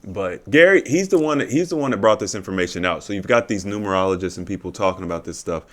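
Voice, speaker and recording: A man with a fairly low voice talks casually on a podcast. He explains at length in a relaxed way, with plenty of fillers and restarts. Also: fast. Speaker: podcast co-host. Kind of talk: casual chat.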